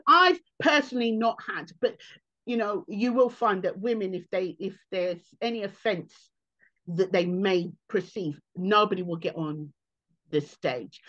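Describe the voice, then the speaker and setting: A woman comedian, answering interview questions in an animated way and acting out other people's voices. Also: on the low side, highs cut off.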